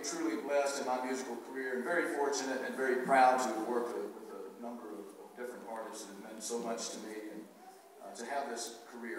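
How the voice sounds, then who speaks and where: A man's voice: mid-range voice, slight background noise. A man giving a commencement address from a stage, telling folksy stories with jokes. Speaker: commencement speaker. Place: arts center stage, large hall. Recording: echoey hall from far off.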